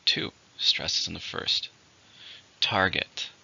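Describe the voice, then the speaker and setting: A male English teacher runs through a vocabulary list in a bright, edgy, lower-pitched voice. He slows down to stress each syllable as he models the words. The recording sounds dull and lo-fi. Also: animated. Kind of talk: vocabulary lesson.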